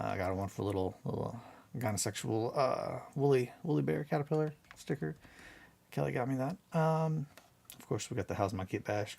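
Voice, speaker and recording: Brief: male stream host, gravelly mid-pitched voice, loose rambling chat, quick laughs and casual swearing. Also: a little hiss or hum. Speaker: hobby livestream host.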